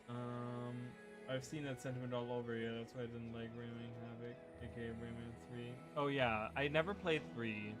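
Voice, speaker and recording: A man giving casual, rambling commentary while playing a video game, often restarting his sentences. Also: mid-range voice. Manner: rambling, chatty, many restarts. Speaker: gaming video creator. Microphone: USB desk microphone. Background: game music.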